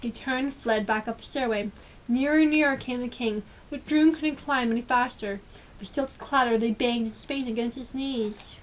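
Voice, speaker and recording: A woman reading a children's storybook aloud with lively, expressive storytelling. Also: a little high, moderate pace. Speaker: storybook reader.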